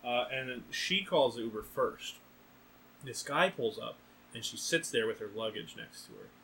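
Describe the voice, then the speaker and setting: A young man hosting a podcast, casually telling an animated story, acting out other people's lines and laughing often. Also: mid-range voice, normal speed, a little hiss or hum, poor audio. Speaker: podcast host.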